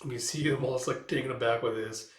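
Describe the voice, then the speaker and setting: A man's voice: medium pitch, steady tone, fast. A man hosting a casual comic-book recap, talking loosely with many fillers. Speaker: host. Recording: echoey room.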